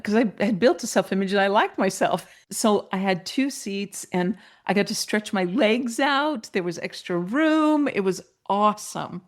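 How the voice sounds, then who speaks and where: Speaking at a normal rate with hardly any pauses, a mentor and coach being interviewed shares a personal story. She's lively and laughs often, and her voice jumps higher when excitement takes over.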